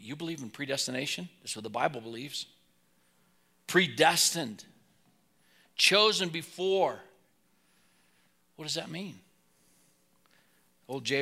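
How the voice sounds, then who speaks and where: A man preaching a sermon, telling Bible stories and swinging between loud emphasis and soft asides. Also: mid-range voice, vocal fry. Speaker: pastor.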